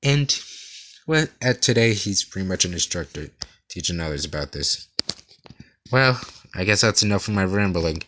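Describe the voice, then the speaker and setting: A young man giving a rambling class presentation about an artist, in a monotone with frequent stutters and restarts. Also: low voice, normal speed, pauses often, noisy background. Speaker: student presenter.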